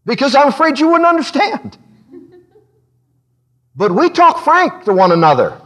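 A man's voice: extremely high pitch, big pitch swings, moderate pace, fairly bright tone. A man preaching a sermon in a church service, talking frank and conversational, breaking into laughter as he speaks.

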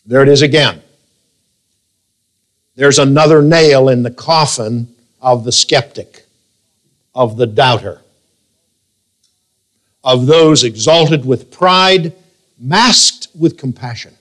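A male pastor preaching a sermon, emphatic and reading scripture in a slow, drawn-out way. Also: medium pitch, fairly bright tone.

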